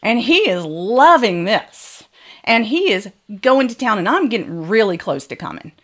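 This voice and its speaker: A woman's voice: mid-range voice, sing-song, measured pace, fairly bright tone. A woman frankly telling a bawdy, comic first-person story.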